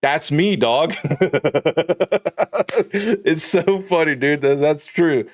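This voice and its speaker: Male streamer, slightly high voice, swears a lot and rambles off topic while joking with chat. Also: slow. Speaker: live streamer. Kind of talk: casual live-stream chat.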